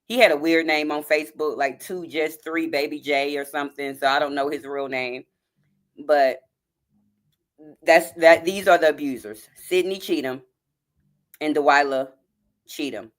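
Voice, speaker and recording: A woman's voice: deep voice, moderate pace, long pauses. Choked-up woman reading on a live stream. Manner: addresses viewers as y'all, greets chat by name. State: choked up, near tears. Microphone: phone.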